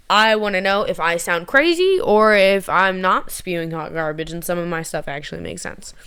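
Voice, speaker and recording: A woman's voice: on the low side, fairly bright tone, smooth. A young woman chatting casually to camera as a vlogger, rambling, giggly and poking fun at herself. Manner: rambling, giggly, self-mocking.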